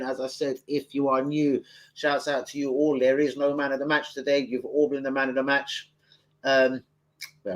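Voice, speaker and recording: A man, chatting loosely and swearing as he hosts a football fan live stream. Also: mid-range voice. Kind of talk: casual live stream chat.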